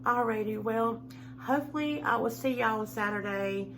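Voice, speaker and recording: A middle-aged woman chatting warmly and rambling to her home-video viewers. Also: fairly high pitch, moderate pace, noisy background. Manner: chatty, rambling, heartfelt, says y'all a lot. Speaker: home decor vlogger. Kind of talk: casual chat to camera. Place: at home, indoors.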